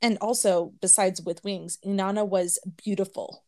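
Woman, podcast co-host, chatty, laughs a lot, casual, mid pitch. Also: fairly even intonation, normal speed, a little mellow. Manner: giggly, chatty, lots of laughing. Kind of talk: casual chat, reading notes on a goddess.

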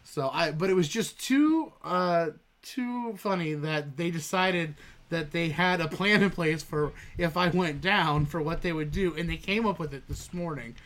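A young man co-hosting a podcast, telling a story in a loose, animated way, laughing and swearing as he goes. His voice sits a little high for a man. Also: a little slow. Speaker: podcast co-host. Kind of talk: casual storytelling.

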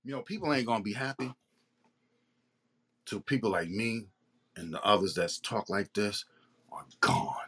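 Man, podcast host, angry rhetorical rant, bright voice. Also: on the low side, animated, moderate pace, long pauses, husky. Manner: heated, profane, rhetorical questions. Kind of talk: ranting monologue.

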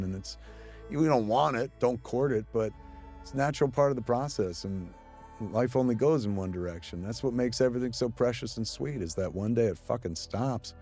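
A man with a mid-range voice gives casual audio commentary on his own film. He is excitable and swears often, restarting sentences as he goes.

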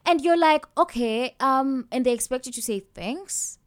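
A woman's voice: sits high, normal speed, clear, resonant tone. A young woman with a Kenyan accent talking openly about her own experiences in a casual podcast chat. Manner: open, personal, laughs while telling stories.

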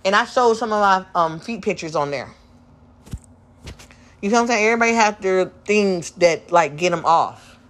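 A young woman hosting a candid solo podcast, rambling in slang with many fillers and breaking into quick mocking voices of other people. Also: medium pitch, expressive, fairly bright tone. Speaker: podcast host.

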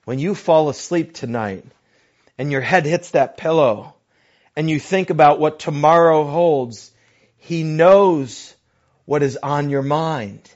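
A man preaching a sermon at an unhurried, measured pace, pausing over phrases. He often sinks to a soft, hushed tone for emphasis. The sound is a bit dull and lo-fi. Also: on the high side. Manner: slow, deliberate preaching with dramatic drops to near-whispers. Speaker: pastor. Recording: dull lo-fi recording.

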